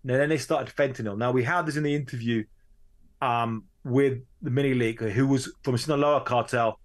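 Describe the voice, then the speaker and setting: A man, a journalist guest, telling a story in a conversational interview, his pace swinging between quick bursts and slow, drawn-out stretches. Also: medium pitch, steady tone.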